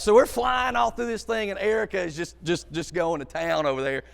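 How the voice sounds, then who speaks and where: Animated man with a gravelly voice. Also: sits high, brisk, hardly any pauses, in a large hall. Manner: animated, acts out voices and shouts. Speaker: storyteller. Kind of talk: comic storytelling.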